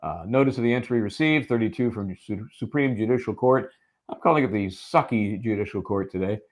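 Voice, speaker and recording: A man's voice: lowish voice, a little fast. A man co-hosting a live legal show, reading a court ruling aloud with wry joking asides. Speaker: co-host of a legal commentary show. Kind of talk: live legal analysis chat.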